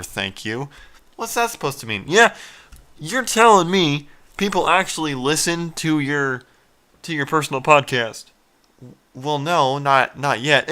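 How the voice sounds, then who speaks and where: A man's voice: fairly high pitch, sharp tone. A man hosting a comedy podcast, bickering and trading sarcastic insults. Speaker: podcast host.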